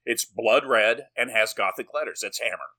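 A man's voice: medium pitch, moderate pace, bright, forceful tone. A man co-hosting a podcast, recapping a film in a rambling, jokey way, swearing and laughing often. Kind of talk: casual movie-recap chat.

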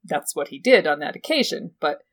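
A woman's voice: low voice, big pitch swings, a little fast. A woman co-hosting a podcast, explaining a point in a thoughtful, casual way. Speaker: podcast co-host. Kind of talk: casual chat.

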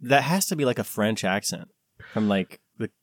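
A man's voice: fairly low pitch, animated, normal speed, no echo, studio quality. A man co-hosting a podcast, chatting casually and rambling with frequent fillers. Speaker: podcast co-host. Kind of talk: casual chat.

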